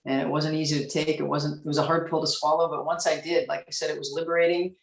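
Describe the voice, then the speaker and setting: Woman in her forties, police officer, candid and reflective, pauses with um, roomy echo. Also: deep voice, level tone, vocal fry, distant mic. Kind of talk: panel discussion storytelling.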